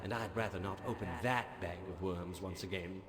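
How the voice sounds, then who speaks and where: A man's voice: low voice, fairly even intonation, normal speed, crowd noise, lightly acted. A man voicing a scheming, petulant male god of murder in a game's dialogue, sarcastic and self-important, with game music behind him. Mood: haughty.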